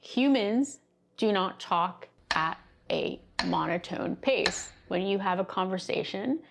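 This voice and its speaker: Talking to her own camera from a seat indoors, a woman gives video creators casual, conversational advice, laughing often and using her hands. Her mid-range voice is animated yet slow, with a creaky quality, and background noise is audible.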